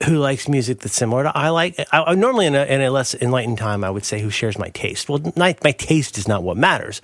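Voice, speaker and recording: Playful middle-aged man, lively riffing. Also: mid-range voice, no room sound, studio quality. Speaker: podcast co-host. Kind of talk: casual chat.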